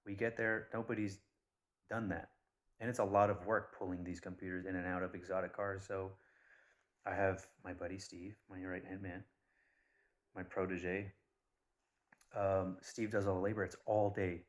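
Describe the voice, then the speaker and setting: A man's voice: low-pitched, moderate pace, pauses often. A man talking casually and bluntly to camera, swearing and acting out stories as he rambles. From Persian background. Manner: blunt, swears, animated retellings. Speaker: vlogger.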